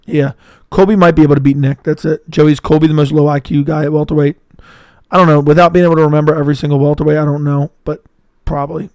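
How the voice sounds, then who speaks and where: Hoarse, blunt man streaming. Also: a little high, little pitch movement, quick pace, darkish tone, no echo, clean studio sound. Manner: blunt, profane banter while answering chat. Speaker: livestream host. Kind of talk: casual livestream commentary.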